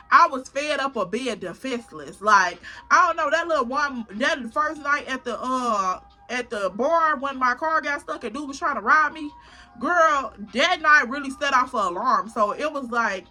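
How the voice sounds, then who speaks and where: A woman vlogger telling a story in a casual, animated and profane way, acting out the drama. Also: high voice.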